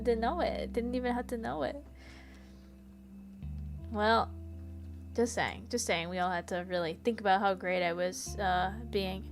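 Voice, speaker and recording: A woman streaming a detective game, chatting with viewers, giggling and reading the game text aloud. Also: on the high side. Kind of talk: casual let's-play commentary. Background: faint background music.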